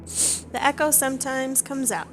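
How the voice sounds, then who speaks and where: A woman's voice: high voice, steady tone, measured pace, background noise, voice pushed up. Woman reading as a female troll witch doctor. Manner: read aloud in her own plain voice, no accent. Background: game music.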